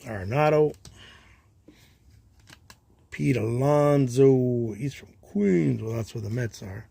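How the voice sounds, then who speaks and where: A man hosting a casual livestream, chatting in a relaxed way and talking to himself as he sorts baseball cards. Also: mid-range voice, moderate pace, vocal fry, husky. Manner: relaxed, chatty, talks to himself while sorting. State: tired, yawning. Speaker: livestream host, card collector. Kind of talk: casual livestream chat while sorting cards.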